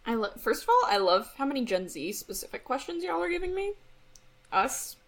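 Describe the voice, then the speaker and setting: A young woman co-hosting a podcast in casual chat, bubbly and teasing and quick to laugh. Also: high-pitched, very animated, a bit bright. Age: young adult. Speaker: podcast co-host.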